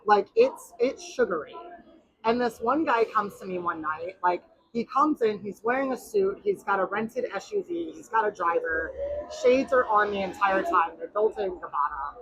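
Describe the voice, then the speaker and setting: A woman podcast host and bartender telling blunt, animated bar stories in casual chat. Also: mid-range voice, normal speed, background noise. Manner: blunt and animated storyteller, swears freely.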